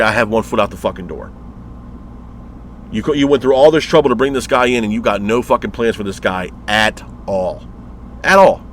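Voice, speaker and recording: A man's voice: medium pitch, fairly bright tone. Male show host, fed-up and foul-mouthed, mid-range voice, faint traffic hum behind him. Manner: profane, exasperated ranting; rhetorical questions and repeated complaints. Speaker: wrestling show reviewer. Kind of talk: ranting vlog review.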